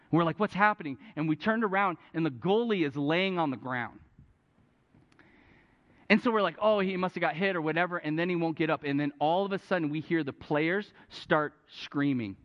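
A man preaching a sermon as a pastor, telling a story with animated, urgent peaks. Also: high-pitched. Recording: dull, echoey hall.

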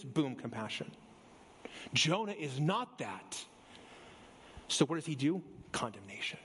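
A male pastor preaching a sermon in a church, speeding up and slowing down for emphasis and rising sharply on key words. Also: mid-range voice, slight background noise. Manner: preaching with sweeping shifts of pace and emphasis. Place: church sanctuary.

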